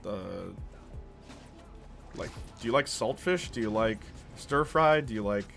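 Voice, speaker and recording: A man's voice: mid-range voice, a little slow, a bit bright, faint music behind. A young Canadian man streaming a game, chatting casually with viewers, rambling with fillers and laughing often. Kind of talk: casual chat while playing a game.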